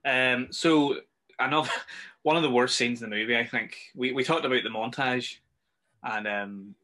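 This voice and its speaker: A man with a Northern Irish accent co-hosts a casual film review chat, ranting, swearing freely, and acting out scenes in raised voices. His voice is medium-pitched, bright, and forceful.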